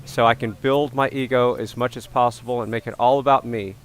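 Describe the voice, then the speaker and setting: A man's voice: medium pitch, fairly even intonation, fairly quick. Man hosting a joking livestream. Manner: joking, self-mocking about his ego. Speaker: livestream host. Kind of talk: casual livestream chat.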